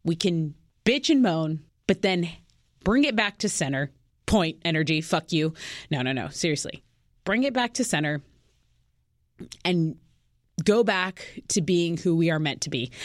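A woman's voice: mid-range voice, dry recording, clean studio sound. A woman with a Texan accent, a radio host venting casually, frank and profane, often repeating herself.

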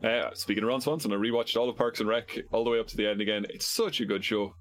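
A man in casual podcast chat, telling stories and acting out the people he quotes. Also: fast talker. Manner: animated storyteller, acts out quoted callers in a high voice.

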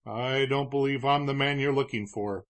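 A man voicing a reserved grown cowboy who talks quietly and hesitantly. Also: medium pitch, moderate pace, natural voice. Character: reserved grown cowboy, modest and plain-spoken.

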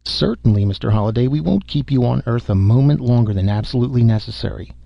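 A man's voice: mid-range voice, lively intonation, quick pace, creaky, dry recording. A man voicing a placating male bureaucrat. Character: smooth reassuring male bureaucrat. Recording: dull muffled audio.

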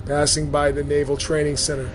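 A man narrating his own memoir in a measured, vivid way. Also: fairly high pitch, completely flat delivery, music in the background. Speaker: storyteller recounting his own boot camp. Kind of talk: memoir reading.

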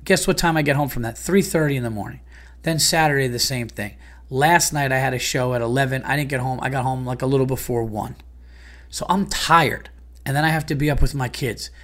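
A middle-aged man, ranting in a casual podcast monologue, profane and exasperated, swinging louder and higher when annoyed. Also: fairly quick. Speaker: comedian and podcast host.

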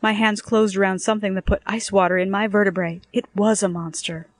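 Expressive woman reading a story. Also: mid-range voice, brisk, dry recording. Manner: lively and expressive, acts out the dialogue. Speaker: narrator. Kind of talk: first-person story reading.

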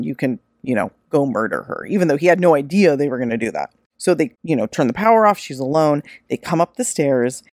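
A woman's voice: low voice, darkish tone, dry recording, clean studio sound. A woman hosting a solo true-crime podcast, retelling a case in a casual, profane way and acting out the quoted lines. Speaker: podcast host.

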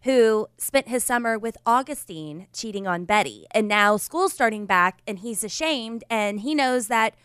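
A young woman co-hosting a podcast, chatting and musing aloud in a relaxed way. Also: a little high, measured pace, hardly any pauses, clear, resonant tone, no echo, clean studio sound. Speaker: podcast co-host. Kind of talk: casual chat.

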